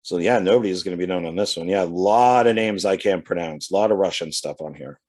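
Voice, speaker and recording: A man's voice: low-pitched, fast talker, a little mellow. A man casually talking through his DVD purchases, reading back covers aloud and chatting as he goes. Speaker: DVD collection vlogger. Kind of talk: casual unboxing commentary.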